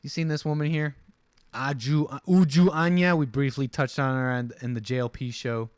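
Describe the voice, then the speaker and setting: A man's voice: medium pitch, steady tone, normal speed, clear, resonant tone, dry recording. Man, livestream host, rambling, lots of fillers, mocking asides, dry close sound. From United States. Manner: rambling, frequent fillers and restarts, mocking put-on quotes. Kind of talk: casual livestream commentary.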